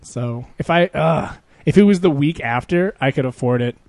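A man's voice: on the high side, normal speed, gravelly, a little mellow, no echo. A young man chatting casually with a friend, rambling, swearing a lot and laughing often. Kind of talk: casual chat.

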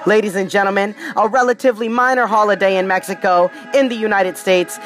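A slightly tipsy podcast host reads history in a casual, playful way, full of hype, streetwise slang, joking asides, and repeated cries of "ladies and gentlemen." The voice is medium in pitch and brisk, with hardly any pauses, over soft background music.

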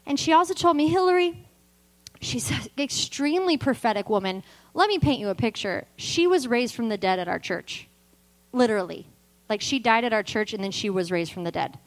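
Passionate woman preacher, high voice. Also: animated, brisk, rough recording. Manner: passionate, emphatic, swings from loud declarations to soft intimate storytelling; conversational, self-deprecating humor. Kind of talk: sermon.

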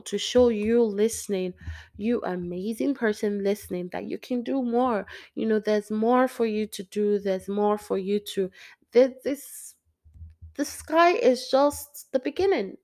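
Young woman, casual faith talk to her listeners, middle pitch, rambling and self-correcting, sometimes near-whispering. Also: unhurried, darkish tone. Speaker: Christian speaker.

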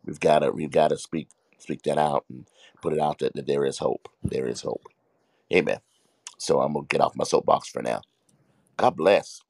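A man who is a pastor, talking earnestly in a halting way on a faith podcast. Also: very deep voice, vocal fry, a little mellow, dry recording. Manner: halting, many fillers and restarts, earnest. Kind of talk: casual faith talk.

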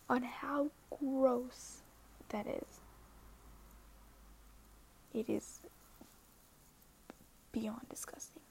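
Soft, gravelly teenage girl vlogging. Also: a little high. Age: teens. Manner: earnest and hesitant, many fillers, often half-whispered. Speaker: social media poster. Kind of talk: casual vlog monologue.

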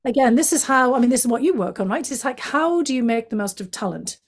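A woman from Northeast England with a Northeast English accent, a guest telling stories from her life in a chatty way, full of "you know" and lively quotes of other people. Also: a little high, fast talker. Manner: chatty, many "you know" fillers, animated quoting of others. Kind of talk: reflective storytelling in conversation.

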